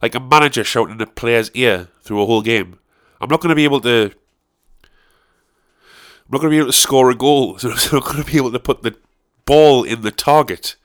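A man's voice: medium pitch, a little fast. A man hosting a podcast, rambling and swearing as he laughs through casual chat. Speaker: podcast host.

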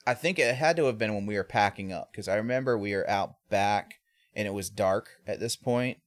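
A man's voice: fairly low pitch, brisk, no room sound, clean studio sound. A man co-hosting a casual chat, telling rambling tour anecdotes with frequent laughs. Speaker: podcast co-host, band member.

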